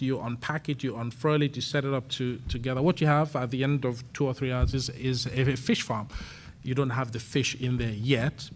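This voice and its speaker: Male panelist, mid pitch, casual self-correcting delivery, faint background noise. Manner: conversational, self-correcting, frequent rhetorical "right?". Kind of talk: conference panel talk.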